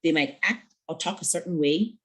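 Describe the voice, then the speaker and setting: A woman's voice: deep voice, normal speed, fairly bright tone, rough recording. A woman giving an earnest mentoring talk to young women, conversational and full of stories with quoted dialogue. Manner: conversational with fillers.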